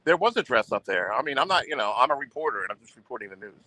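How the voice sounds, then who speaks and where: A man's voice: mid-range voice, big pitch swings, rapid-fire, pushed and bright, no room sound. A man hosting a livestream, talking in a rambling, boastful way and repeating himself. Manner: boastful and repetitive, goes on the offensive. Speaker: livestream host.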